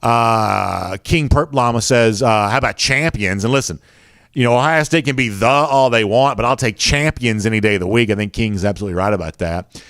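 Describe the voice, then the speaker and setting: A man's voice: fairly low pitch, brisk, fairly bright tone, no echo, clean studio sound. A man with a Southern accent hosting a sports show, chatting casually and reading viewer comments with lots of fillers. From American South.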